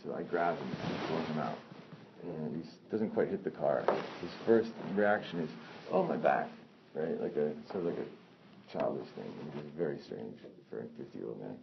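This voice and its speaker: A man telling a personal story in a casual, animated way, swearing often and correcting himself as he goes. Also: extremely low pitch, normal speed, creaky. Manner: animated, profane, rambling with self-corrections. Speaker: storyteller recounting a personal incident. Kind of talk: casual spoken anecdote. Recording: dull lo-fi sound with faint noise.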